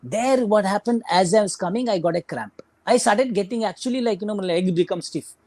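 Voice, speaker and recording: A man's voice: sits high, fairly quick, darkish tone, no echo. Rambling Indian man telling a running story. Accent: Indian English. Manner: rambling, full of "you know" and "like" fillers. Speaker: guest ultramarathon runner. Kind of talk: casual storytelling interview.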